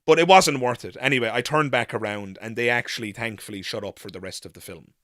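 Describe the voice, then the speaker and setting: A man with a bright, forceful voice hosts a live Q&A, recounting a story with animated frankness and the odd casual swear. The sound is dry and close, with no room around it. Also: mid-range voice, quick pace, no room sound. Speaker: host.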